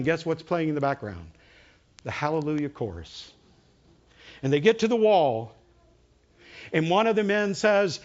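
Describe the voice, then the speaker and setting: A man preaching a sermon as a story, animated, slowing right down for dramatic retelling. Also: fairly high pitch. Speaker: pastor. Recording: dull lo-fi recording.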